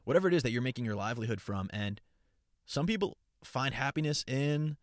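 A man's voice: medium pitch, a little fast, dry recording. Young guy podcasting from his car, hyped and swearing, keeps restarting sentences, dry close sound. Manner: energetic, profane, rambling with frequent restarts. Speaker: podcast host and content creator. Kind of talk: casual solo podcast chat. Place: parked car.

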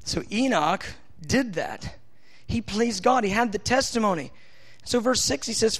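A man preaching a sermon in an intimate, tender way, at times acting out God's voice softly. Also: high-pitched, expressive, measured pace.

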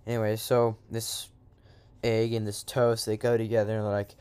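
Rambling young-sounding man, smooth voice. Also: lowish voice, little pitch movement, normal speed, a little mellow. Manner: rambling, slangy, full of "like" and asides. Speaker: storyteller. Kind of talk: improvised comic storytelling.

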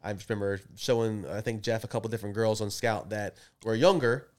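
A man co-hosting a podcast in casual chat, teasing his friends and telling stories. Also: on the low side. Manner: fast, joking, teasing. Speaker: podcast co-host.

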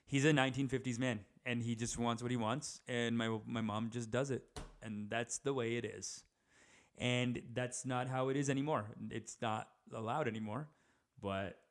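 A young man rambles through a casual comic monologue, animated and loose. His voice sits at an ordinary middle pitch, and he keeps dropping in filler words as he goes. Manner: rambling, animated, says dude a lot.

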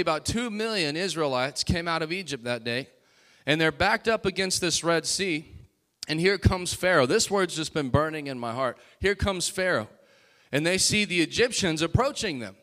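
Man, pastor, sermon, high-pitched, bright tone, emphatic call-and-response delivery. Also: lively intonation, moderate pace. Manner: call-and-response preaching, rising to loud emphatic bursts.

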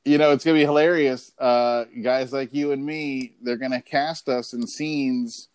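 Male podcast host, teasing and brisk, close dry mic. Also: medium pitch, steady tone, a little mellow, clear, resonant tone, dry recording. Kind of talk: casual podcast chat.

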